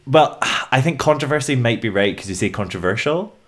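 A man's voice: medium pitch, expressive, fairly bright tone. A man from Scotland with a Scottish accent, co-hosting a podcast in playful, joking banter. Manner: playful, joking, quick to laugh. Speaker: podcast co-host. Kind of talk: casual banter and quiz hosting.

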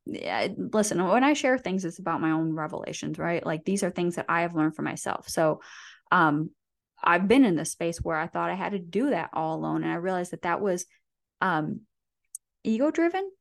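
A woman's voice: lowish voice, moderate pace, creaky. A woman guest on a podcast, talking in a coaching, motivational way with frequent "right?" and "you know". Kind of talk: motivational conversation.

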